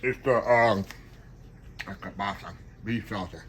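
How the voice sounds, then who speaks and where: An older man hosts a home cooking channel, chatting folksy and casual with viewers he calls "y'all" while he cooks in his kitchen. His voice sits lowish and runs a little slow, with some background noise behind it.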